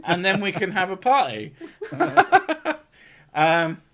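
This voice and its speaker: A man's voice: sits high, sing-song, slow pace, gravelly, a bit bright. A man with a southern English accent from the Home Counties, hosting a casual livestream chat, loose, joking and full of swearing. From Home Counties, England. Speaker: streamer host.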